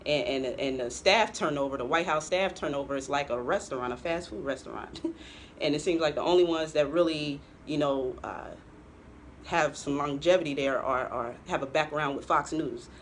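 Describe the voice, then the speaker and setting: A woman's voice: low-pitched, normal speed, slight background noise. A woman co-hosting a political talk show, giving pointed commentary and laughing often. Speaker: co-host.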